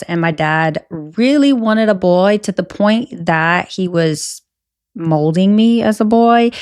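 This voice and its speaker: A woman in her thirties hosting her own podcast, chatting casually and rambling off on tangents. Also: on the low side. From American South. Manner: chatty, rambling, self-interrupting. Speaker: podcast host. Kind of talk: casual solo podcast chat.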